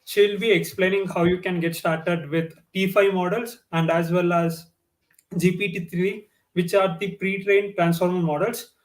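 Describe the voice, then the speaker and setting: A man's voice: high-pitched, fairly even intonation, unhurried. A man hosting a livestream, apologizing for a delay and introducing the speaker with frequent uhs. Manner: apologetic, filler uh. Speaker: host.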